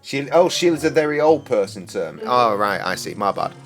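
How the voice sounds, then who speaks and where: A man's voice: mid-range voice, sing-song, moderate pace, fairly bright tone, faint music behind. A man in his thirties streaming a game, rambling and joking with lots of swearing. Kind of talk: casual game stream commentary.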